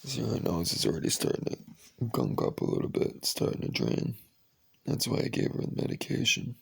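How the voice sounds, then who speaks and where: A man's voice: on the low side, wildly swooping pitch, moderate pace, gravelly, husky. A man talking casually to his kitten late at night, cooing baby talk mixed with offhand swearing. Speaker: pet owner.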